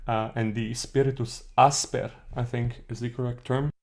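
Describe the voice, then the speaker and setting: This man's mid-range voice is flat in delivery, with vocal fry and a darkish tone, at a normal speed. Streaming a lesson on an old alphabet book, he reasons aloud, revises sentences as he goes, and answers questions read from chat.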